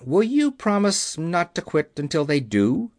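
A man voices a commanding chief engineer, laying down the law with quiet authority that still carries. His delivery is unhurried and very animated, with lots of pitch movement, and the sound is dry and close with no echo.

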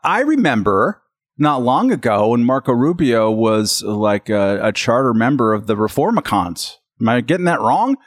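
A man's voice: mid-range voice, big pitch swings, normal speed, no echo, clean studio sound. A man moderating a podcast roundtable, joking dryly and handing questions over to the other panelists. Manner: wry, joking, hands the floor to others. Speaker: podcast moderator, magazine editor. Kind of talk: casual roundtable discussion.

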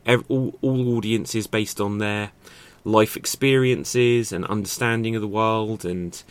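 An acting and improv teacher with a voice on the low side gives a casual spoken lesson on acting and stagecraft, recorded dry. He thinks aloud, peppering his talk with rhetorical questions and fillers.

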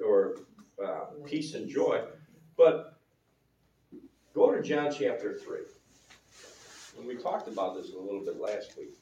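In a church sanctuary, a male pastor preaches conversationally, asking his congregation questions in a mid-range, darkish voice. The mic sits at a distance in the roomy hall, giving dull audio with slight background noise.

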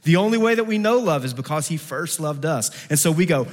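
A man preaching a sermon who acts out quoted voices and moves between soft, low passages and lively, raised ones. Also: a little fast. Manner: acts out quoted voices with big pitch swings. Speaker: pastor. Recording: long hall reverb.

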